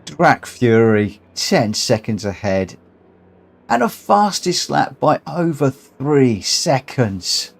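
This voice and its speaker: A man streaming a racing game to his viewers, breathless, excited and heartfelt as he reads out the results. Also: medium pitch, takes it slowly. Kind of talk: live game commentary. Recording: clear background noise.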